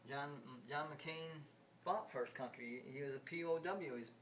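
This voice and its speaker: A man making a casual home video about video games, talking in a halting, repetitive way with many restarts. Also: on the high side, a bit bright, slight background noise. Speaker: video game vlogger. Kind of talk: rambling home video chat.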